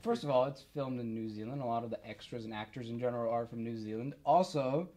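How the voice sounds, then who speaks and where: A man's voice: mid-range voice, fast talker. A young man co-hosting a casual podcast chat, talking animatedly and saying "like" a lot. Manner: animated, laughing, full of "like". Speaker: podcast co-host.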